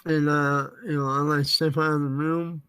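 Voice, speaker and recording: A man playing a tabletop game, talking in a slow and deliberate way. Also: on the high side, level tone, bright, forceful tone, smooth, no room sound, faint music behind. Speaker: player. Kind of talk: casual tabletop play.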